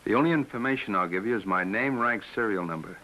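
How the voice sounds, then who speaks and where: An actor playing a captured air force pilot who answers curtly and defiantly, in 1950s TV drama style. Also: male voice, fairly low pitch, expressive, fast, pushed and bright, poor audio. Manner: curt and defiant.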